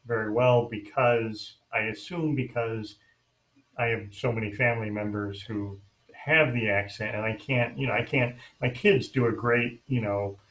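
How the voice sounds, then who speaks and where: A man's voice: on the low side, steady tone, normal speed, a bit bright, rough recording. A man who hosts the interview and works as an editor, talking casually over a video call with many restarts. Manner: hesitant, with repeated restarts. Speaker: host and editor.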